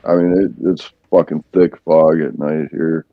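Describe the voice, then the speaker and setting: A man's voice: a bass voice, flat delivery, a little slow, phone-quality sound. A man from central Wisconsin, a guest calling into a stream, laid-back and swearing casually. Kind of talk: casual chat.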